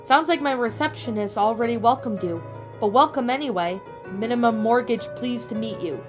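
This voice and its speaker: A woman's voice: fairly high pitch, lively intonation, normal speed, over music, close to an everyday voice. A woman voicing a gracious, genteel middle-aged pony mare who runs a realty office, with a slight upper-class lilt.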